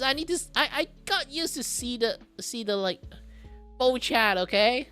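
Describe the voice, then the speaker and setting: An art streamer chats casually on his live stream while drawing, rambling dizzily and disoriented, swearing and laughing. His expressive voice swings from low mutters to loud bursts at normal speed, smooth, with soft music behind.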